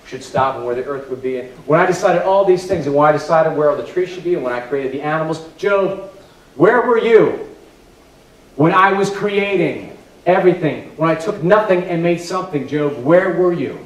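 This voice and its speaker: A pastor putting on God questioning a suffering man, a commanding presence that repeats one question again and again. The voice sits fairly high for a man and rings through an echoey hall, heard from some way off. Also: fast talker, few pauses, far from the mic, close to an everyday voice. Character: God answering Job, vast and commanding.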